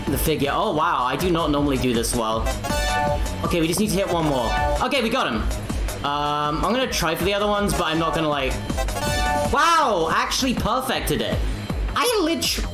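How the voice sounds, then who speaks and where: A woman speedrunner giving casual commentary with wry, joking asides. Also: low voice. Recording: echoey room with game music.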